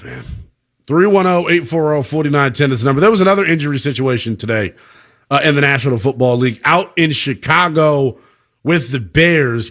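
A man hosting a sports radio show, talking with emphatic, opinionated passion that swings from loud to subdued. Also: fairly high pitch.

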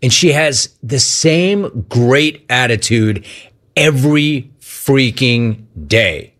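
Animated ranting male radio host. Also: slow. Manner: animated, ranting, mocks cheerful greetings in a high voice. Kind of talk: radio call-in show banter.

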